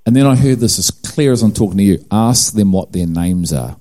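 A middle-aged man with a New Zealand accent preaches through a personal testimony. His voice sits low and sounds warm and mellow. He tells the story with humor at his own expense and acts out each exchange of dialogue. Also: expressive, fairly quick.

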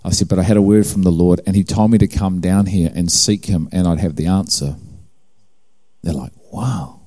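A man's voice: sits low, fairly even intonation, a little fast, dark tone. A middle-aged man with a New Zealand accent giving a personal testimony sermon, telling a story with acted-out dialogue and self-mocking humor. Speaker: preacher.

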